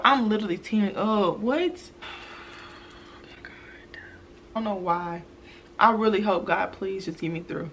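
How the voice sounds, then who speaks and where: A woman's voice: medium pitch, pushed and bright. A young adult woman, a former teacher, hosting a chatty storytime vlog. She uses casual slang and talks straight to her viewers.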